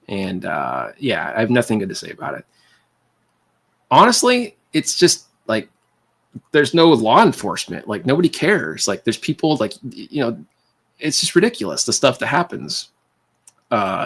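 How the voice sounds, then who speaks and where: A man's voice: mid-range voice, vocal fry, fairly bright tone, husky. A man hosting a casual livestream who rambles from one thought to the next, laughs often and calls his viewers man and dude. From California. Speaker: livestream host.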